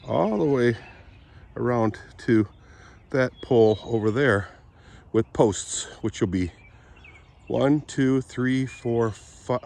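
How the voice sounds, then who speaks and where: A man of middle pitch with a lingering cold, rambling outdoors about his farm in a casual walk-and-talk vlog. He keeps clearing his throat and coughing between loose, chatty asides, recorded on a handheld camera out in the open air. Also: slow pace, long pauses, darkish tone. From Southwest Michigan. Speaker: vlogger.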